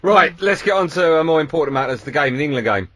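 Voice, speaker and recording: A man hosting a talk radio show, putting brisk, leading questions to a guest. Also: on the high side, expressive, a bit bright, no echo. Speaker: radio host.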